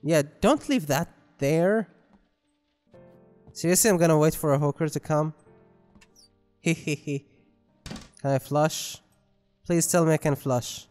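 A man's voice: a little high, a little slow, long pauses, a little mellow, smooth. A man commentating on gameplay, joking and rambling with self-mocking asides. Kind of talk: let's play commentary. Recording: long reverb with game music.

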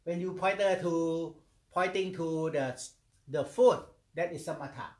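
A man's voice: on the high side, unhurried, a little mellow. A man who is a meditation teacher monk, giving a dharma talk in simple English, repeating words in rhythmic chains and often asking "okay?". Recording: echoey room.

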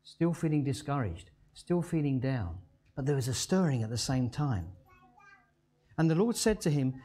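A male pastor delivers a sermon in a mellow, warm voice. He tells the story dramatically, his pitch swinging widely, and he slows almost to a hush on the words he wants to land. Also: very animated, breathy edge.

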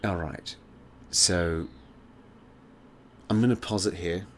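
A man's voice: deep voice, slow, slight background noise. A man hosting a casual let's play, rambling with lots of fillers and swearing. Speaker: gaming channel host.

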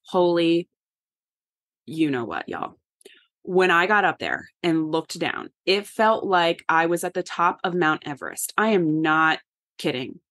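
A woman's voice: fairly low pitch, unhurried. Candid woman telling a personal story. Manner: animated, candid, addresses listeners as y'all. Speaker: podcast host.

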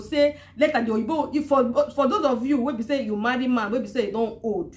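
Woman vlogger, Nigerian Pidgin accent, high-pitched and sarcastic, keeps hammering the same line. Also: a little fast, few pauses. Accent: Nigerian Pidgin English. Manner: sarcastic, repetitive and emphatic. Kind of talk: casual monologue to camera.

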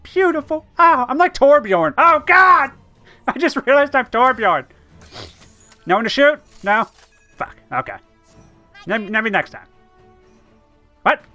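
Gamer, gameplay commentary, excitable, swearing, lively pitch, faint music underneath. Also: slow pace, long pauses. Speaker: let's play gamer.

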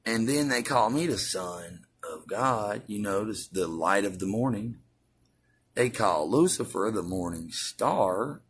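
Profane ranting man, loud then hushed. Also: fairly low pitch, a little hiss or hum. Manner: profane, swings between loud preaching and hushed musing. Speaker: vlogger. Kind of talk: ranting monologue to camera.

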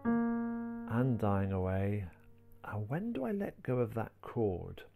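A man teaching a piano piece step by step. He talks gently while he plays and counts the beats aloud. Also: fairly low pitch, big pitch swings, slow pace, vocal fry. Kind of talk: piano tutorial, talking while playing. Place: indoors at a piano. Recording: talk over loud piano playing.

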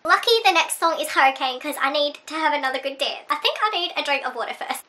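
A woman's voice: high voice, expressive, fast, slight background noise, low-quality recording. A young woman reacting to an album, gushing and breathless, singing along in bits. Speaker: music reaction vlogger. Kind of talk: excited casual album reaction. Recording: music playing loudly behind.

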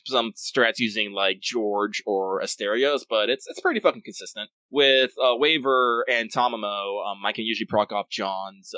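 Male podcast co-host, loose and profane, with a crisp, bright tone. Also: on the low side, no room sound, low-quality recording. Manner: rambling, profane, self-interrupting. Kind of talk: casual chat.

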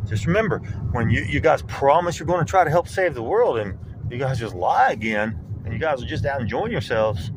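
A middle-aged man talks into a handheld phone while he is outdoors. His voice sits at an ordinary middle pitch, with faint background noise. He rambles in an aggrieved, accusing tone and keeps repeating his points. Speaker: vlogger. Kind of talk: rambling phone vlog monologue. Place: outdoors, around a lake.

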